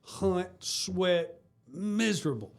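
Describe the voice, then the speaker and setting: A man's voice: high-pitched, expressive, slow, vocal fry. A man, co-hosting a casual podcast and telling rambling hunting stories, laughing often. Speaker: podcast co-host. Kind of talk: casual chat.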